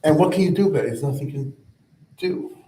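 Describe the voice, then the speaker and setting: A man with a dark-toned voice on the high side, fast and lively in intonation, teaches a rabbinic class. His informal explanatory lecture is conversational: he chants verses, then explains them, often going off on asides. The mic is distant and the room echoes.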